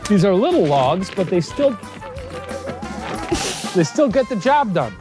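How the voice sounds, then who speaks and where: A woman's voice: mid-range voice, big pitch swings, a little slow. Playful giggly woman streamer. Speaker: streamer host. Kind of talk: casual chat on a livestream. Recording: music playing underneath.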